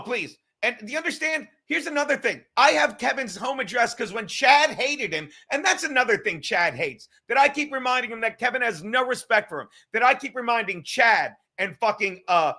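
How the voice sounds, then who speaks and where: A man's voice: sits high, bright, forceful tone. A man hosting a livestream, ranting and mocking in a profane, combative way. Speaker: livestream host.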